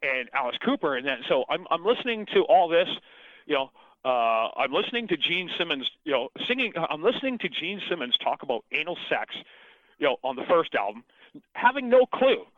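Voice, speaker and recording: A man's voice: fairly high pitch, very animated, fairly quick, a bit bright, no echo. Middle-aged singer guy rambling through stories, swears a lot, trips over his words, sounds thin like a phone line, dead dry. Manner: rambling, profane, restarts often. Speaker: singer, interview guest. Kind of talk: casual storytelling interview.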